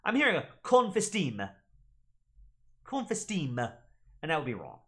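A man's voice: fairly high pitch, a little slow. A man who teaches Latin, explaining pronunciation in a casual, chatty way. He repeats words carefully to model them and talks straight to his viewers. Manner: animated, chatty, addresses viewers directly.

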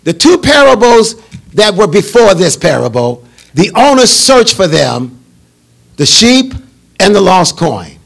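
A man, a bishop, leading a Bible study in a call-and-response preaching style that rises to shouts. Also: high voice, sing-song, unhurried, gravelly.

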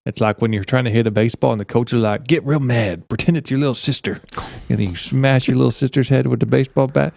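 A man's voice: medium pitch, fairly even intonation, quick pace, creaky, a little mellow, dry recording. A man co-hosting a podcast, chatting casually and making goofy, rambling jokes while playing a game. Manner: goofy, jokey, rambling tangents. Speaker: podcast co-host. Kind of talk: casual gaming chat.

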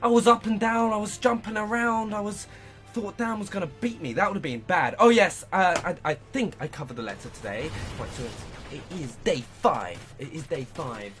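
A young man giving live gameplay commentary, muttering to himself one moment and shouting at the game the next. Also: sits high, moderate pace, soft background music. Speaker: gaming channel host.

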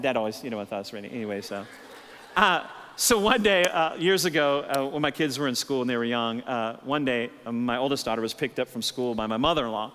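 High-voiced bright pastor preaching. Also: male voice, a little hiss or hum. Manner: animated storytelling, rhetorical questions. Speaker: senior pastor. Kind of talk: sermon. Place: church sanctuary. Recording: church hall reverb.

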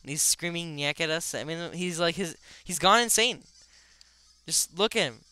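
A man's voice: a little high, moderate pace, clean tone, dry recording. A young man casually commenting on a video game, rambling with lots of fillers and bursting out now and then. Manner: excitable outbursts. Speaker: let's play gamer.

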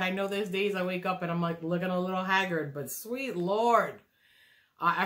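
A woman's voice: sits low, a bit bright. A middle-aged woman chatting casually through a beauty unboxing on her phone, rambling and self-deprecating with lots of fillers and restarts. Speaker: beauty vlogger. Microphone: phone camera.

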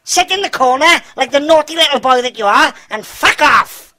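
A man's voice: very high voice, animated, normal speed, pushed and bright. A man with a Welsh accent in online game voice chat, mocking and swearing in long strings of insults. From Wales. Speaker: gamer in online lobby. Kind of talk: heated gaming voice chat.

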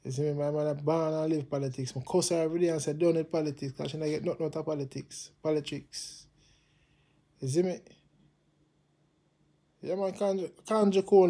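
A man's voice: fairly high pitch, mellow. A Jamaican man from Jamaica, hosting his own channel, ranting casually and passionately in heavy patois, repeating himself. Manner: impassioned, repetitive, patois-heavy. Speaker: channel host. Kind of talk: casual political rant to camera.

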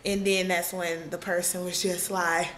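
A woman's voice: on the low side, level tone, a little slow, fairly bright tone, slight background noise. A young woman vlogger telling a story in casual chat, tearful and laughing through it, still crying as she talks.

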